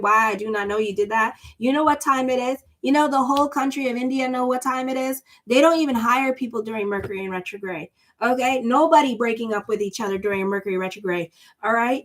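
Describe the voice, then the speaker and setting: A woman astrologer gives a casual tarot reading in a high, fairly bright voice. She's chatty, blunt and sassy, dropping lots of fillers like "you know."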